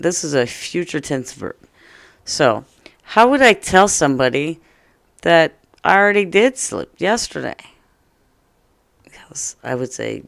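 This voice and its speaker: A woman teaching a first-grade lesson, speaking slowly and playfully to young children. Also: low-pitched, gravelly, no echo, clean studio sound.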